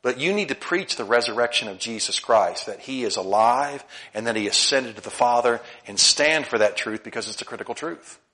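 A middle-aged male pastor preaching a sermon, swinging between loud emphatic lines and soft asides. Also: medium pitch, lively intonation, a little fast, few pauses.

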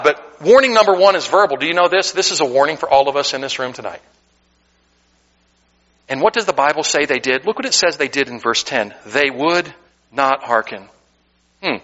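An American man preaching from the pulpit of a church sanctuary, his voice a little high and strongly bright. He preaches fervently and breaks in with self-deprecating joking asides. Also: muffled recording. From United States. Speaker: pastor. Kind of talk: sermon.

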